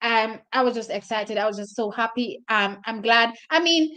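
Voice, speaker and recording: A woman's voice: fairly high pitch, moderate pace, bright, forceful tone. A woman hosting her own track and field channel, talking casually and directly to her viewers about race results, openly emotional as she goes.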